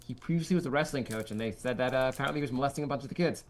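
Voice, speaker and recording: A man co-hosting a comedy podcast in casual chat, often stammering and self-deprecating, breaking into loud mock rants. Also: mid-range voice, rapid-fire, a little hiss or hum. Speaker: podcast co-host.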